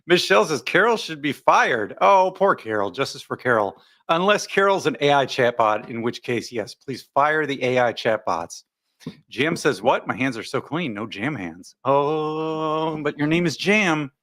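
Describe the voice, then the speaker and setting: A man's voice: medium pitch, animated, normal speed, fairly bright tone. A man hosting a casual live stream, reading out viewer comments and rambling with frequent laughs. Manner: chatty, rambling, laughs often. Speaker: livestream host.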